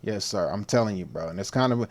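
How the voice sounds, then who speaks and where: A man's voice: on the low side, quick pace. A man from Texas, hosting a fitness livestream in a playful, joking manner with loose, repetitive slang. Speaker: fitness coach, livestream host.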